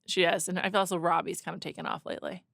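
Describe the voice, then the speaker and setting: A young adult woman co-hosting a casual podcast, giving lively opinions in a chatty way. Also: on the low side, very fast, creaky, no echo, clean studio sound. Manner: lively, opinionated, frequent "like" and restarts. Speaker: podcast co-host. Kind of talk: casual chat.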